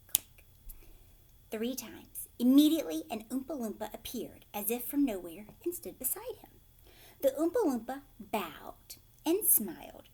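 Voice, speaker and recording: A woman teacher reading a children's novel aloud, narrating expressively and pausing to point things out to young listeners. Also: medium pitch, darkish tone.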